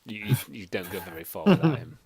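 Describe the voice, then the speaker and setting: A man's voice: mid-range voice, big pitch swings, quick pace, vocal fry, a crowd in the background. A man running a tabletop game as game master, chatty, with joking asides and frequent restarts.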